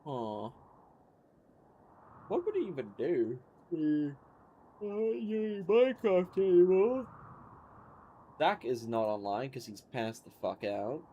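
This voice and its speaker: A man's voice: medium pitch, sing-song, takes it slowly, long pauses, mellow, a little hiss or hum. A sleepy man streaming a game, reading out menu items and rambling in a tired, offhand way. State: sleepy, yawning. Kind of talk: casual gameplay commentary.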